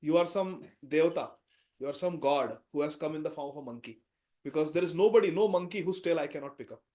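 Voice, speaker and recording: Man doing a proud strong warrior prince, pushy and loud-ish, fairly high voice. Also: fast talker, lightly acted. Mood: pleading.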